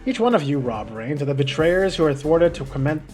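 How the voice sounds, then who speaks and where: A woman's voice: deep voice, animated, fairly quick, darkish tone. A woman voicing a haughty, insulting cube-shaped mascot villain from a game, with mocking, vulgar taunts over faint music. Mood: scheming.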